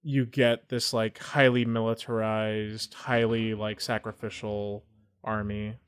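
A man's voice: on the low side, little pitch movement, takes it slowly, clean tone, no echo, clean studio sound. A man in casual chat about a comic, speaking thoughtfully with hedges and fillers. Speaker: comic discussion co-host.

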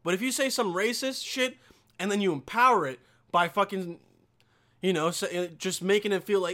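A man's voice: high voice, moderate pace, bright, forceful tone. A man hosting his own podcast, rambling through a casual, profanity-heavy solo rant with lots of emphasis. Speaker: podcast host.

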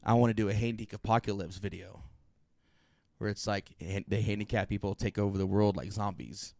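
A man's voice: on the low side, a little fast, creaky, a little mellow, no room sound, studio quality. A man hosting a casual podcast chat, telling rambling stories and laughing often. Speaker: podcast host.

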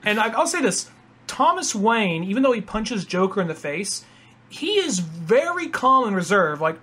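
A man hosting a casual podcast chat, rambling and acting out other people's lines in quick impressions. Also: high voice, sing-song, bright, forceful tone, husky. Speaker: podcast host.

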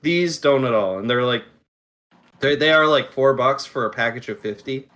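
A man's voice: medium pitch, moderate pace, a bit bright. A man in casual chat, talking through his hobby steps while he works. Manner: chatty, explains hobby steps while working.

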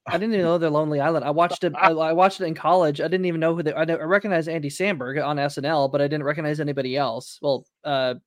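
A man co-hosting a podcast in an easygoing, chuckling way. His voice sits a little high for a man. The sound is dry and close. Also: steady tone, rapid-fire, few pauses, no room sound. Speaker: podcast co-host. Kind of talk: casual podcast chat.

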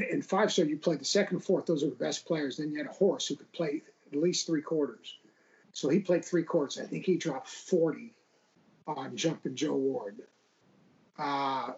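A middle-aged man with a gravelly, raised-pitch voice tells sports stories as a guest, rambling and restarting his sentences. The sound is dull and lo-fi, like a remote call. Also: a little mellow. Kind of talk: casual storytelling interview.

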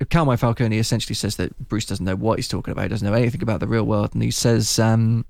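Chatty man with a gravelly voice. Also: on the low side, steady tone, fast talker, a little mellow, no echo. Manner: chatty, laughing, puts on voices when quoting. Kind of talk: casual chat recapping a film.

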